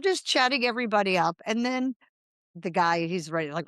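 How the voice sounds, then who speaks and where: Animated storytelling woman in her fifties. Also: medium pitch, fairly quick, clear, resonant tone, dry recording, studio quality. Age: 50s. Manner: animated, rambling anecdotes with quoted dialogue and laughter. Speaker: guest, writer. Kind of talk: casual storytelling interview.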